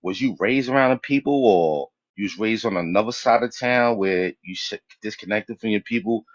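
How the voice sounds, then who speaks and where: A man's voice: fairly low pitch, normal speed, lo-fi sound. Blunt New York man on a panel. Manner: slangy, blunt, asks pointed questions. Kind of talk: debate on a panel.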